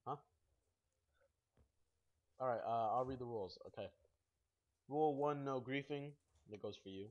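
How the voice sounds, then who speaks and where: A young man hosting a casual gaming video, goofy and excitable, rambling as he plays. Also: mid-range voice, a little slow. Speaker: host. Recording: dull lo-fi mic.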